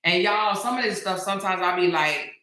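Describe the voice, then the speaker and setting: A woman's voice: mid-range voice, brisk. A woman hosting a casual livestream chat, reading viewer comments and laughing often. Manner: animated, laughs often, drawling exclamations. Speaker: talk show host. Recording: echoey room.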